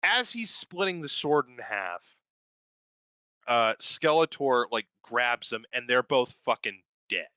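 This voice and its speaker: Bright, crisp-voiced man in casual chat. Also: medium pitch, sing-song, slow pace, no echo, low-quality recording. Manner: profane, enthusiastic, rambling with fillers. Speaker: podcast co-host. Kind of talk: casual chat, recapping a cartoon series.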